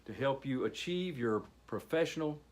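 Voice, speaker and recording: A man in the middle of a training workshop, talking to a group about managing nerves. He sounds animated and engaged, with deliberate pauses. His voice sits at a typical middle pitch for a man. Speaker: training facilitator. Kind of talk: public speaking workshop presentation.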